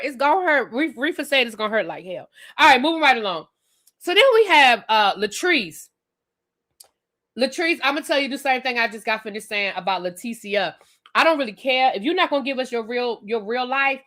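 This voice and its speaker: A woman hosting a live reality-TV review stream on webcam, ranting bluntly and sassily straight at her viewers. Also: high voice. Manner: animated, blunt and sassy, addresses viewers directly. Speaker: reviewer and channel host.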